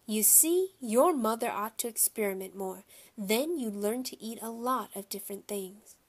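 A woman's voice: on the high side, normal speed. A woman doing a hearty bumbling dad. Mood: emphatic. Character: cheerful bumbling dad, sure of himself.

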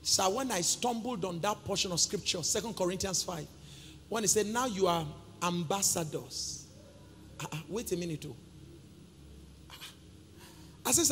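A man with a Nigerian accent preaching a sermon as pastor, calling out to the congregation and breaking into sung and shouted phrases. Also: high voice, lively intonation, moderate pace, long pauses, slight background noise. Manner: call-and-response preaching, sings and shouts phrases. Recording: reverberant church hall with music.

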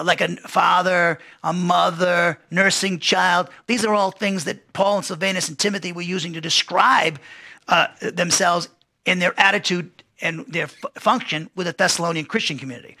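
A middle-aged man with a high, pushed, bright voice teaches an expository Bible lesson conversationally, often restarting phrases and reading quotes aloud.

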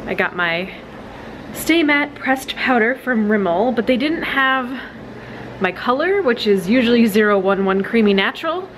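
A woman's voice: fairly high pitch, lively intonation, unhurried, fairly bright tone, a little hiss or hum. A woman vlogging casually at home into a handheld camera, talking in a chatty way full of fillers and speaking fondly to her dog. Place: at home, indoors.

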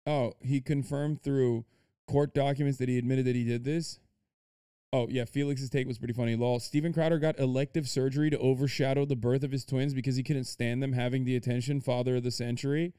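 A man on a live stream rants in disbelief and swears freely as he reads out a news story. His voice is warm and smooth. The sound is dry and close to the mic. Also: medium pitch, fairly even intonation, brisk, no room sound. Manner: incredulous, swears a lot, rants. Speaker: streamer reacting to a video. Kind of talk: profane, animated commentary and article reading.

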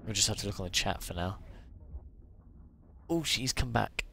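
A man's voice: on the low side, lively intonation, normal speed, vocal fry, sharp tone, a little hiss or hum. A man casually commenting to himself while playing a space game. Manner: chatty, muttering to himself between voice chat. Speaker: gamer recording his play.

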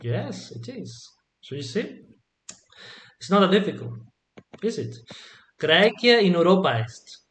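A man's voice: sits high, sing-song, measured pace, pauses often, fairly bright tone. A man teaching Latin to a small group, patiently asking questions and checking that they follow. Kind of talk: online group lesson.

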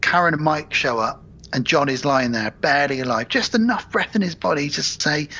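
Lively, bright-voiced man recapping a film. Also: on the high side, normal speed. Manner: animated, swearing, acts out scenes. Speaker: podcast co-host. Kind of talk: casual film recap chat. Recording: muffled home podcast audio.

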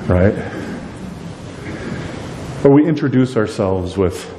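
A middle-aged pastor preaches with an animated, joking delivery and quizzes his listeners. His voice is mellow, not bright. It rings through a large church hall with a long reverb and a faint rumble underneath. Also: moderate pace, long pauses. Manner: animated, acts out characters in quotes; jokey, asks the congregation questions. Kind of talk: sermon. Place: church sanctuary.

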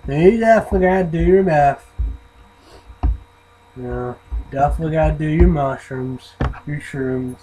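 A man's voice: fairly high pitch, moderate pace, pauses often, dark tone, slightly rough, rough recording. A man rambling and swearing in a casual vlog, often trailing off into mumbles. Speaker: vlogger reviewing an energy drink.

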